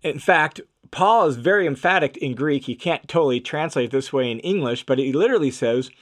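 A man's voice: a little high, animated, fairly quick. A man teaching scripture on a podcast, emphatic and repeating key phrases for stress.

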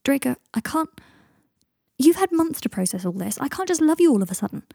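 A woman's voice: sits high, very animated, normal speed, vocal fry, a little mellow, no room sound, clean studio sound, pitched above the performer's own voice, full character voice. A woman voicing a flustered, earnest young man who sounds exasperated and confused. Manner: raised and exasperated.

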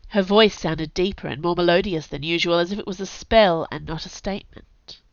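A woman with a cold, an author reading her own story aloud with clear storytelling and chatty asides. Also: lowish voice, moderate pace, no echo. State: has a cold. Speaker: author and podcast narrator. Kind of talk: audiobook narration. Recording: dull, dry home recording.

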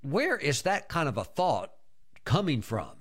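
A male pastor delivering a fervent sermon, his voice swinging widely between low, measured stretches and high, urgent bursts. He speaks with emphatic, animated conviction and punctuates points with repeated exclamations. His tone sits slightly higher than most men's.

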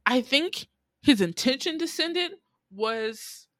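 A young adult podcast co-host recapping a drama in casual chat, animated and incredulous, swearing freely with quick asides. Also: high-pitched, dry recording, clean studio sound.

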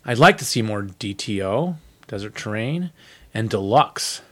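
A man's voice: lowish voice, lively intonation, measured pace, fairly bright tone. A man co-hosting a podcast, reading listener letters aloud in casual chat and laughing easily. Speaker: podcast co-host.

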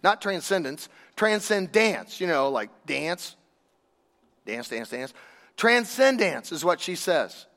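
A man preaches in a loose, conversational way, pressing his points with emphasis and rhetorical questions. His voice sits fairly high for a man. The sound rings with the long reverb of a large hall. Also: big pitch swings, takes it slowly, fairly bright tone. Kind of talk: sermon.

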